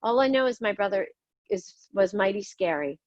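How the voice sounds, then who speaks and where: Animated and at normal speed, a middle-aged woman with a medium-pitched voice tells her life story on her podcast. The tone is somber and confessional, blunt, with some swearing. The recording has no echo, and the high frequencies are cut off.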